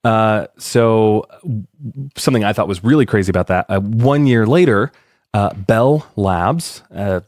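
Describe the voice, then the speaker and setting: A man's voice: on the low side, a little slow, darkish tone, no echo, clean studio sound. A man co-hosting a casual podcast, telling history in a rambling, joking way. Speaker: podcast co-host.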